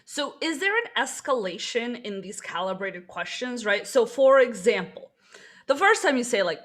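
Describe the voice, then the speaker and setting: A woman's voice: a little high, big pitch swings, moderate pace, fairly bright tone. A woman taking part in a workshop, asking a question candidly and thinking aloud with many fillers. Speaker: workshop participant.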